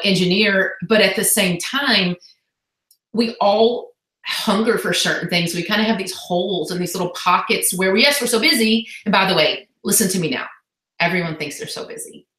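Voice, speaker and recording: Energetic woman coach on an echoey call. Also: lowish voice. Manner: energetic, chatty, enthusiastic. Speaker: fitness business team coach. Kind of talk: motivational casual talk on a video call. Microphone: video call. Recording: echoey room from far off.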